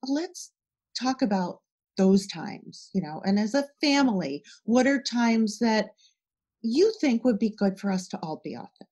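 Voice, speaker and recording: A woman's voice: on the high side, unhurried. A middle-aged woman, a parenting educator, talking in a casual podcast interview and acting out little conversations with her kids as examples. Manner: animated, talks through examples with acted-out dialogue.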